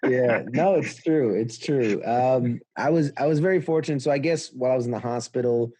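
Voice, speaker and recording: A man's voice: medium pitch, a little fast, husky. A middle-aged man from New York, a veteran guest telling his story candidly and acting out the dialogue he quotes. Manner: acts out quoted dialogue with lively voices.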